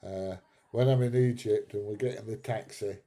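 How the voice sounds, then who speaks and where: A man's voice: on the low side, fairly even intonation, moderate pace, mellow. A middle-aged British man hosting a live stream, chatting casually through viewer comments, laughing often and calling people mate. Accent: British English.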